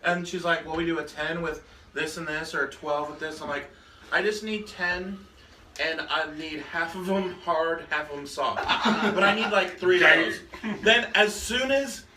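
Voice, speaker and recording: A man co-hosting a podcast, telling a long story casually and laughing often. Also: sits high. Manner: laughing often while telling a story, doing quoted voices. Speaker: podcast co-host. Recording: roomy, distant mic with loud noise.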